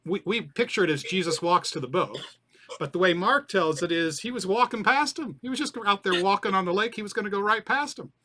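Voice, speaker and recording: A man leading a church Bible study talks through the passage in a relaxed, conversational way. His voice is fairly high and bright. He keeps turning questions back to the group. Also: a little fast.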